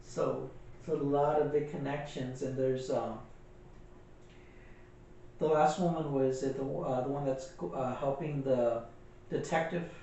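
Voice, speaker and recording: A man's voice: medium pitch, fairly even intonation, unhurried, vocal fry, pauses often, dark tone, very echoey, far from the mic, slight background noise, poor audio. A man co-hosting a casual movie review, recapping the plot in a rambling way with many fillers and restarts. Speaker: podcast co-host.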